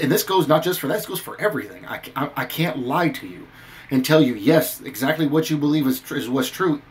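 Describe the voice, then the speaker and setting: A man's voice: mid-range voice, slight background noise, poor audio. A man giving an earnest, preachy commentary on scripture, reading verses aloud and stressing his points. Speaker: Christian video commentator. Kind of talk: earnest scripture-based rant.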